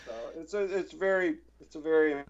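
A middle-aged man, an actor, telling rambling anecdotes in a relaxed interview and acting out the voices of people he quotes. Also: fairly high pitch, a little fast. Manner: chatty, many restarts, acts out quoted voices. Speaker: actor guest. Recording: slightly dull, muffled audio.

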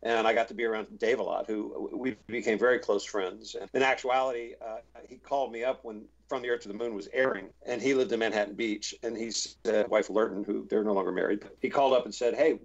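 A man's voice: on the low side, a little fast, gravelly, hardly any pauses, highs cut off. A man, an actor guest in an interview, telling stories casually and acting out the voices he quotes. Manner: animated anecdotes, acts out quoted voices.

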